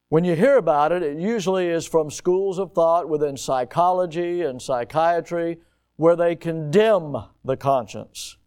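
A male pastor preaching an evening sermon. He slows down and presses hard on key words as he builds his points. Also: a little high. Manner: rising to emphatic, slowed-down stress on key words; quotes a historical statement aloud, then repeats it quietly.

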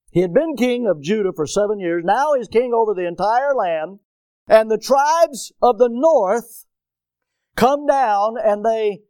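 Animated high-voiced male preacher. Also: dry recording. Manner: emphatic, drawn-out stresses on key words. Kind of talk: sermon.

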